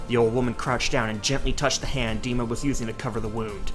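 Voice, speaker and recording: A man's voice: medium pitch, fairly even intonation, fast, few pauses, soft background music. A man reading a novel aloud as an audiobook, narrating steadily. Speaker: audiobook reader.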